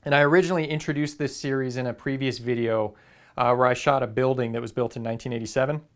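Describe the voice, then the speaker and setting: A man's voice: mid-range voice, fairly even intonation, fast. A man talking casually to camera in a vlog, rambling and easygoing with plenty of ums and uhs. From Southern California. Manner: rambling, filler-heavy, easygoing. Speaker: photography YouTuber.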